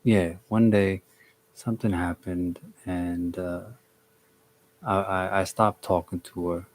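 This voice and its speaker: Young man, low voice, flat delivery, halting storytelling, lots of restarts, blunt and sweary, chatting to a live stream. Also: a little hiss or hum. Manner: halting, with many restarts and fillers. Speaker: live streamer reading chat. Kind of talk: casual storytelling to a live chat.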